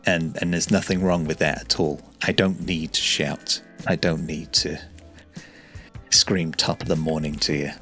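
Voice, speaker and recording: A calm, shy man vlogging to camera, talking in a relaxed monotone with frequent stutters and restarts. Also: rumbling low, measured pace, soft background music. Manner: calm, relaxed, soft-spoken. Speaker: YouTuber. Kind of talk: reflective talking-to-camera vlog.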